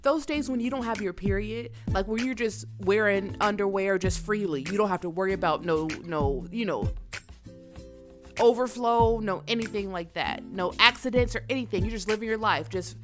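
A woman's voice: medium pitch, normal speed, music in the background. A young woman hosting her own podcast, talking candidly and casually to her listeners, whom she calls y'all. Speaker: podcast host. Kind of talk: casual solo podcast monologue.

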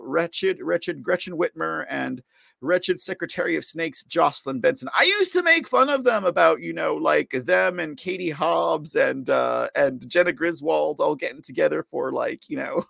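A man's voice: on the high side, vocal fry, a bit bright, dry recording, studio quality. A man hosting a live podcast, rambling casually, mocking his targets with frequent laughs and reading viewer comments aloud. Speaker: podcast host.

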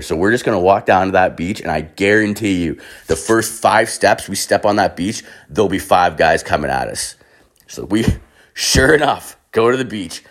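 Young man, lowish voice, profane rambling storyteller. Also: moderate pace. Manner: profane, rambling, animated anecdote telling. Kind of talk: casual comic storytelling.

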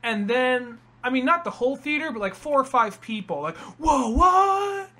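A man hosting a casual podcast chat, rambling and acting out other people's lines in quick impressions. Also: very high-pitched, animated, sharp tone. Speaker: podcast host.

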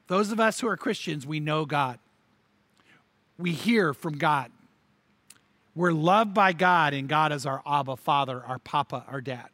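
An older man delivers an energetic sermon in a high, bright voice. He often repeats words for weight and lets his emphasis rise as he goes. The sound is close and dry. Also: no echo. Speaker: pastor.

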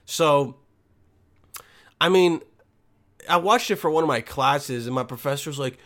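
A man's voice: fairly high pitch, a little slow, a bit bright. A young man who is a student, talking in a casual comic monologue as host, joking and swearing often as he rambles. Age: young adult.

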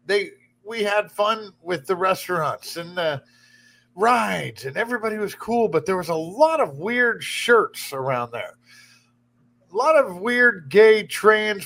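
A man's voice: high-pitched, a bit bright. A man hosting a radio talk show from a studio, chatting casually and rambling, often restarting his sentences. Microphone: studio broadcast microphone.

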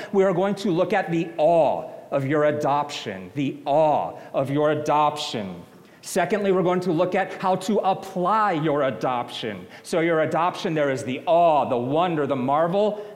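A man's voice: on the high side, big-room sound. A man preaching a sermon, earnest and emphatic, repeating phrases to drive them home. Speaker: pastor. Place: church sanctuary.

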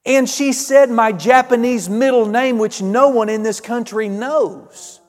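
A man preaching a fervent sermon, calling out amens and hallelujahs, swinging between loud and hushed. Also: very high voice, measured pace, big-room sound. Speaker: pastor.

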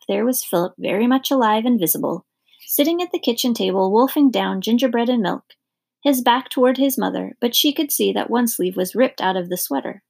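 A woman narrating a children's storybook in an expressive storytelling manner. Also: medium pitch, gravelly, breathy edge.

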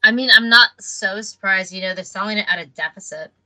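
A woman's voice: medium pitch, fairly quick, bright, forceful tone, soft background music, poor audio. A woman co-hosting a podcast in a casual chat. She makes matter-of-fact points and dry asides. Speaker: podcast co-host.

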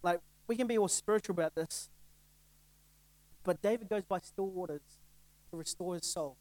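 A man's voice: sits high, moderate pace, darkish tone, no room sound, rough recording. A middle-aged male pastor giving a casual sermon, conversational and laughing often, asking the crowd rhetorical questions. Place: church.

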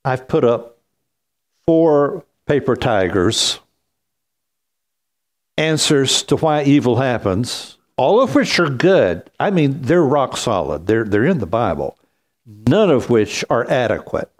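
A man preaching a sermon as pastor, slow and emphatic, with wide swings in pitch. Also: sing-song.

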